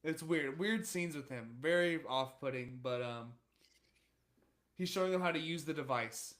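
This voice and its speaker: A young man co-hosting a podcast, recapping episode plots in a relaxed, casual way with frequent fillers. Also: fairly high pitch, moderate pace. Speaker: podcast co-host. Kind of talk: casual chat.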